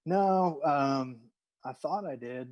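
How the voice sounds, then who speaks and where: A man's voice: fairly high pitch, slow pace, muffled recording. A man co-hosting a podcast in laid-back, rambling chat, his voice congested and nasal from a sinus infection. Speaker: podcast co-host. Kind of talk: casual podcast banter.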